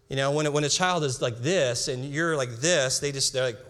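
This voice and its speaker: A young man preaching a sermon, reading scripture slowly with emphasis and breaking into casual asides. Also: medium pitch, a bit bright. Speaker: pastor. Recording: hall reverb.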